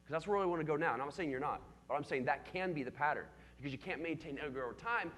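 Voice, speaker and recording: A man's voice: on the high side, very fast, fairly bright tone, big-room sound. A man leading a church youth group, teaching in an engaging way and calling on the young people by name with questions.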